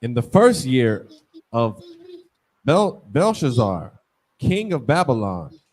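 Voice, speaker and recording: A man reading scripture aloud for a class, taking it slowly and carefully. His intonation moves a lot, rising and falling through each verse. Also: mid-range voice, very animated, darkish tone. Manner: slow, measured reading. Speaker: scripture reader.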